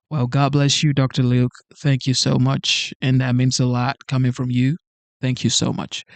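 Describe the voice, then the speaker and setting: A man's voice: medium pitch, flat delivery, moderate pace, creaky, dry recording. A man hosting a live stream, reading viewer messages aloud and talking earnestly and emotionally, repeating himself. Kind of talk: casual live-stream chat reading super chats.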